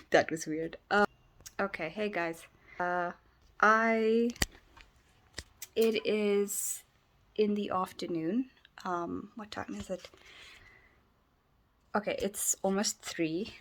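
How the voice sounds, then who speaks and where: Sleepy woman rambling slowly, halting. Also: mid-range voice, steady tone, a little hiss or hum. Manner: tired, halting, yawning, many restarts. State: sleep-deprived, yawning. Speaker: vlogger. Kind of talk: rambling personal vlog. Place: bedroom.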